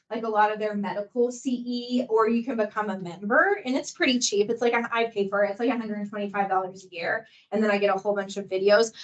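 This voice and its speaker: A young woman with a slightly high voice leads a workplace training session. She talks casually and chattily, with an encouraging tone and plenty of fillers. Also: a bit bright, dull audio. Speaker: veterinary staff trainer.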